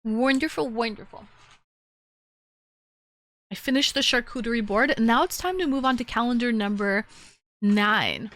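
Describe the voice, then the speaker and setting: A woman streamer chatting casually with her live chat, who switches to a high cooing baby voice when she talks to her dogs. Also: lively intonation, moderate pace, pauses often, a bit bright, no room sound.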